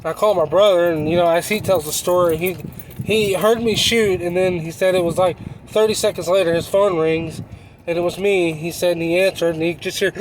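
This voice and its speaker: A man's voice: high-pitched, fairly even intonation, brisk, a little hiss or hum, poor audio. A man telling a hunting story in a casual, rambling, folksy way. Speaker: channel host.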